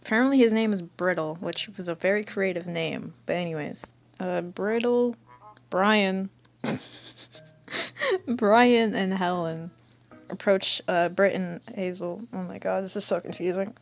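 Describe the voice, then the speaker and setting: A woman's voice: medium pitch, steady tone, measured pace, creaky. Rambling, giggly woman. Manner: rambling, giggly, self-mocking. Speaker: channel host. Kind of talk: casual commentary reading an old comic.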